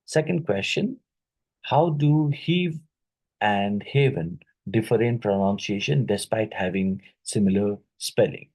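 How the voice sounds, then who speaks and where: A man teaching an exam-prep lesson, reading each question twice and pausing with fillers and "right?" tag questions. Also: fairly low pitch, darkish tone, poor audio. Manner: halting, with many fillers and "right?" tags; repeats each question aloud.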